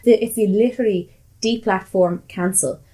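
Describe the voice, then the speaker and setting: A woman's voice: medium pitch, steady tone, moderate pace, dark tone. An Irish woman hosting a casual chat, blunt and sweary, telling stories with animation. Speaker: podcast host.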